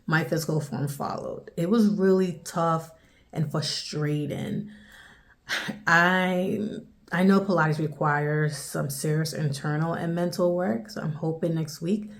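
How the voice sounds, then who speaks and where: A woman with a low voice gives her team an honest update in a casual video. She speaks frankly and jokes at her own expense. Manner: frank, self-deprecating. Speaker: fitness program member.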